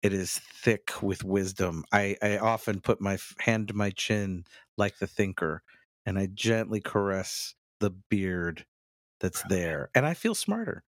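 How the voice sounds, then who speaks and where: A man's voice: low-pitched, slow, dry recording, clean studio sound. A man co-hosting a podcast, telling self-mocking stories in casual banter. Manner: self-mocking, animated storyteller. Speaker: podcast co-host.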